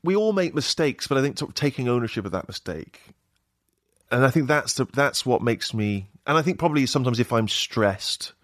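A man's voice: medium pitch, expressive, fairly quick, no echo, clean studio sound. A man talking as a podcast guest, hesitant and wry, often correcting himself mid-sentence. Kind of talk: casual chat.

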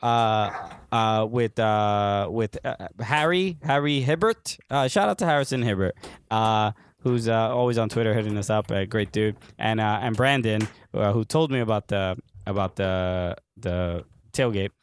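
A young American man with a lowish voice co-hosts a casual soccer podcast, telling an unhurried, rambling story packed with fillers and laughter. There's a little hiss or hum in the recording.

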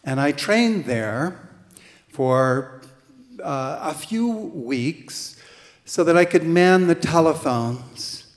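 Slow, halting male storyteller. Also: fairly high pitch, lively intonation, big-room sound. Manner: halting, with restarts. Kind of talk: live storytelling. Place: theater stage.

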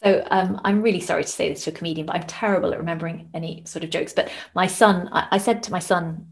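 A woman's voice: on the low side, fairly even intonation, quick pace, creaky. A woman in her thirties, a podcast guest and author, talking in a self-deprecating way and laughing easily. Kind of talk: interview conversation.

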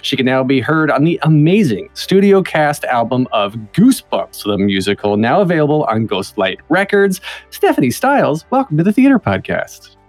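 A playful male podcast host with an animated voice that jumps around in pitch. He is recorded close and dry, with faint music under him. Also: normal speed, dry recording. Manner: playful and animated, laughs often. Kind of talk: interview host, reading an intro then chatting.

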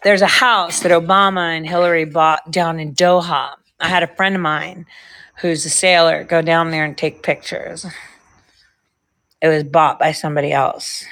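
A woman's voice: low-pitched, steady tone, moderate pace, a bit bright. A woman hosting a livestream, chatting casually and rambling between stories, swearing freely. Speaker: livestream host. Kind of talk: casual chat with a co-host.

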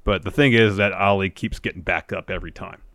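A man's voice: low-pitched, fairly even intonation, brisk, fairly bright tone, no echo. A man co-hosting a casual wrestling podcast, retelling segments play by play in a rambling way with many restarts. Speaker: podcast co-host. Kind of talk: casual wrestling recap chat.

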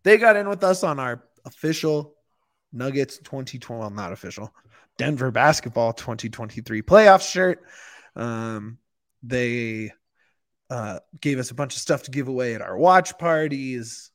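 A man's voice: medium pitch, lively intonation, moderate pace. A man co-hosting a sports podcast, reading a sponsor ad in a casual, giggly, enthusiastic way. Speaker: podcast co-host. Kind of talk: casual ad read.

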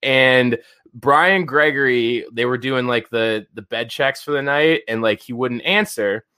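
A man in his thirties hosting a podcast, telling stories in a casual, profane, animated way, full of filler words. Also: mid-range voice, a little slow, clean tone. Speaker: podcast host. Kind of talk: casual storytelling chat.

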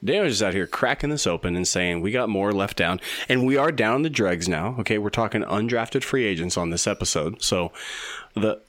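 A man, chatting on a sports podcast. He talks in a folksy, joking way with drawn-out phrasing. The recording is dry and close. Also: on the low side, lively intonation, a bit bright, no echo. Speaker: podcast co-host. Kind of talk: casual sports podcast chat.

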